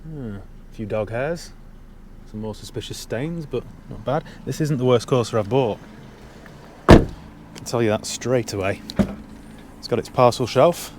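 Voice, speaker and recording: A man's voice: medium pitch, unhurried, pauses often, background noise. Dry-witted man checking a car. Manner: dry, wry asides. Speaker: used car dealer. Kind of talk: casual walkaround commentary. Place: inside a parked car on a cold day.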